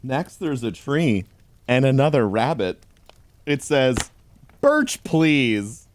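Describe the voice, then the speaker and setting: A man giving a deadpan comedic reading of a holiday pun book, with dry delivery. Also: medium pitch, a little slow, slight background noise. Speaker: host.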